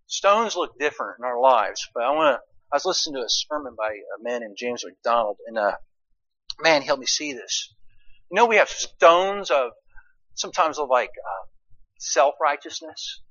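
A man preaching a sermon, swinging from quiet asides to loud, emphatic lines and asking his listeners rhetorical questions. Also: medium pitch, lively intonation, normal speed, dull audio. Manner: asks the congregation rhetorical questions.

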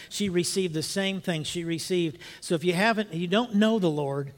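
Older preacher man, high voice. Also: moderate pace, few pauses. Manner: storytelling, swings from hushed to emphatic. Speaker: pastor. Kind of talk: sermon.

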